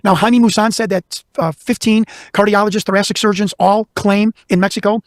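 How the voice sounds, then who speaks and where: A man from Chicago, a guest investigator, telling a long story in casual conversation, talking quickly with lots of restarts. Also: high-pitched, no room sound, studio quality. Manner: fast, animated, talks over himself with restarts.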